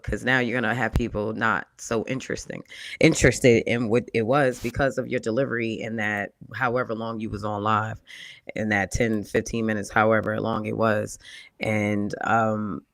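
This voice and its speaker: A man's voice: mid-range voice, vocal fry, fairly bright tone, dry recording, clean studio sound. A man co-hosting a casual panel talk, giving blunt advice in a lecturing, conversational way. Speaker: podcast co-host.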